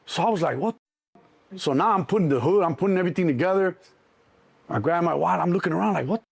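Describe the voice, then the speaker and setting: A middle-aged man from Chicago, a guest in an interview, telling his story in an animated way and acting out the people in it. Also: high voice, fast, vocal fry, slightly rough, dry recording. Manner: animated, acts out cops and himself in quotes.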